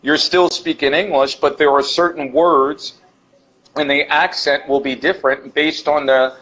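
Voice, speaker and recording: A man's voice: on the high side, steady tone, measured pace, a bit bright. New jersey guy interviewing, casual and encouraging, kinda dull audio. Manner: encouraging, affirming replies.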